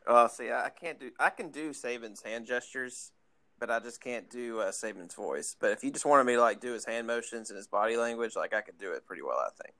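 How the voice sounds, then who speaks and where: A young man co-hosting a casual sports chat, explaining things in an easygoing, measured way. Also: mid-range voice, sharp tone. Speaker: podcast co-host.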